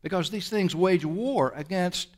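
Here a high-voiced man gives a sermon in his role as pastor. Rhetorical questions press on the audience, and his pacing swings from quick bursts to drawn-out, slow lines.

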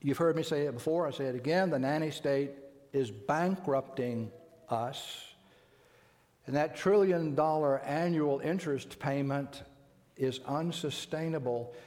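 An older man from the United States preaching a sermon, emphatic and deliberate, slowing down to stress key words. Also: fairly high pitch, a little mellow. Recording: long reverb.

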